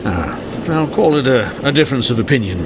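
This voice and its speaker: An actor playing a proud, formal police inspector in a radio drama. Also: male voice, medium pitch, lively intonation, brisk, background noise, close to an everyday voice. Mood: reserved. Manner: formal, clipped, reserved. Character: dogged, proud English police inspector, adult man.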